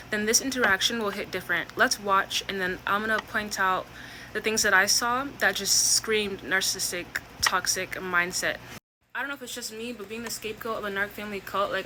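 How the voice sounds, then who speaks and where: A woman's voice: mid-range voice, background noise. Earnest woman commenting on a clip. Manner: earnest, emphatic, lists traits. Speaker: commentator on narcissistic abuse. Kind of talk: reaction commentary.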